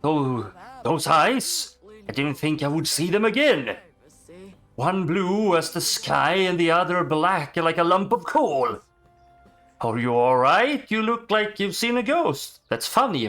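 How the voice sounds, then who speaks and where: A man voicing an older male castle steward, reading the lines aloud in a plain, slow way. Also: fairly high pitch, very animated, a bit bright, faint music behind, exaggerated voice. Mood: gentle.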